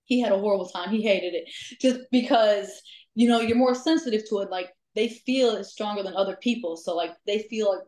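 A woman guest telling ghost-hunting stories in casual chat, lively, laughing often and filling pauses with "um". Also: mid-range voice. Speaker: guest, amateur ghost hunter. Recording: echoey room.

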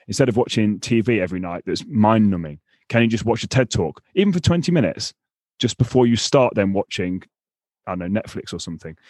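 A man's voice: mid-range voice, a little mellow, no echo. British man, dry-sounding remote mic. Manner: restarts often, sarcastic asides. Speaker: podcast host and coach. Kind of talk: casual interview chat.

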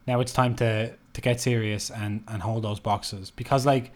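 A man's voice: lowish voice, steady tone, normal speed. Laid-back rambling male podcast co-host. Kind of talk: casual chat.

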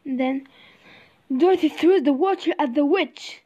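A woman reading a children's storybook aloud, slow and halting, sometimes repeating words. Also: high voice, warm tone. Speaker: reader. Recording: slightly dull recording.

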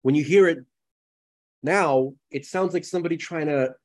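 A man's voice: on the high side, normal speed. Rambling man chatting on a podcast. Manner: rambling, many restarts and "you know"s. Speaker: podcast co-host. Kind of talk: casual conversation.

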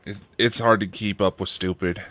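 A man's voice: deep voice, fairly even intonation, moderate pace, a bit bright. A man co-hosting a casual podcast chat, laid-back and dry, with sighing asides. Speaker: co-host.

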